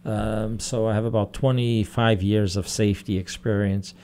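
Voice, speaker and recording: A man's voice: lowish voice, flat delivery, moderate pace, warm tone. A man in his fifties, a human resources director, speaking earnestly and steadily as a radio guest, with frequent fillers. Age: 50s. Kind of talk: radio interview. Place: radio studio.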